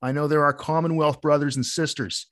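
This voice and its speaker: A man's voice: on the high side, steady tone, brisk, fairly bright tone. A man hosting a casual chat, joking playfully with his guest. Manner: jokey, playful. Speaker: host.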